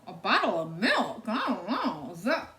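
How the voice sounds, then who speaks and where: A woman voicing a gentle, bewildered older gentleman in a storybook, speaking hesitantly. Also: medium pitch, huge pitch swings, moderate pace. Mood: puzzled. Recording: echoey room.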